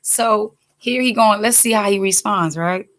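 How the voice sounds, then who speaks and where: A woman teaching a casual Bible study who talks chattily, wanders into quick asides, and turns animated when she quotes people. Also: mid-range voice.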